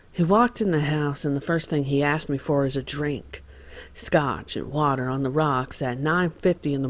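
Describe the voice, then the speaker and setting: In a dramatized reading of court testimony, a man voices a male contractor testifying as a witness, telling the story plainly and anxiously. His voice is a little high, lightly acted, with no room sound.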